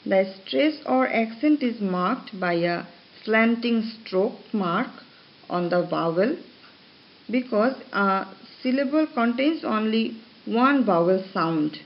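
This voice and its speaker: A woman lecturer reading her notes aloud to students in a slow, measured way, pausing between phrases. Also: a little high, animated. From Bangladesh. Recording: dull lo-fi recording with faint hiss.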